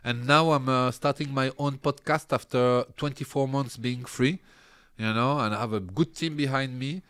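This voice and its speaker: A middle-aged man, a podcast guest telling animated stories in broken English and laughing often. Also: mid-range voice, moderate pace, clean tone. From France. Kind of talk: casual interview chat.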